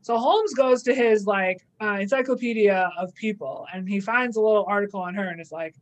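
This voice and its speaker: A young woman retells a story in an easy, chatty way, tossing in playful asides as she goes. Her voice sits at a middle pitch, and her talk is casual and lively. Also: a little fast, hardly any pauses, rough recording. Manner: chatty, animated recapping with playful quoted asides. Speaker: podcast co-host. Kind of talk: casual chat, retelling an episode.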